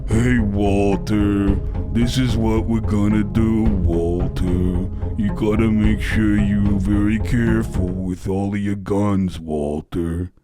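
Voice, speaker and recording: A man doing a slow, deliberate impression of a stern, weary old TV hitman. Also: on the low side, fairly even intonation, music in the background.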